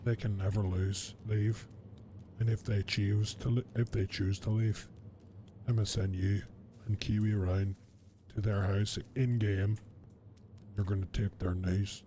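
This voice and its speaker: A man doing a flat, menacing mob boss. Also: fairly low pitch, measured pace, a little hiss or hum, voice pushed down, close to an everyday voice.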